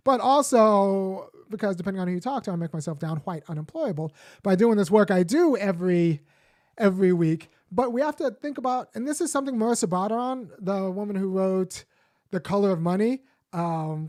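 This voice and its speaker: A man with a high-pitched, slightly mellow voice hosts a weekly live show, delivering argumentative political commentary. His manner is conversational yet lecturing, with frequent fillers and restarts.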